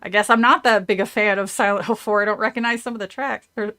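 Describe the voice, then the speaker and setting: A woman's voice: medium pitch, steady tone, fast, few pauses, sharp tone. A woman streamer chatting casually with her audience, rambling, trailing off into asides and laughing often. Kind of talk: casual livestream chat with audience.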